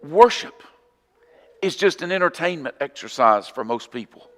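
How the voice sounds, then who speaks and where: Southern guy preaching, kinda high voice, earnest, echo hangs in the church hall. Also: expressive, normal speed. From southern United States. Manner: earnest, emphatic preaching with sudden drops to a quiet voice. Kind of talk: sermon. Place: church auditorium.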